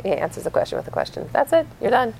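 A woman teaching a lively lesson, telling stories and asking her class questions. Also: on the high side, quick pace, vocal fry, a little hiss or hum, rough recording. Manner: animated storyteller, asks the class questions. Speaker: religious teacher.

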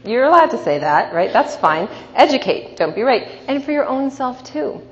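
A woman's voice: sits high, normal speed. Storytelling woman lecturing in a hall. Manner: lively anecdotal, often asks "right?". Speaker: coach and teacher. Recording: dull recording in a reverberant hall, faint noise.

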